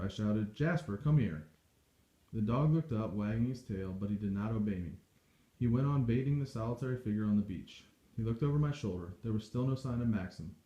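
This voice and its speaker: A man reading a novel aloud in steady, measured storytelling. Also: fairly low pitch. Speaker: audiobook reader. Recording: dull echoey home recording.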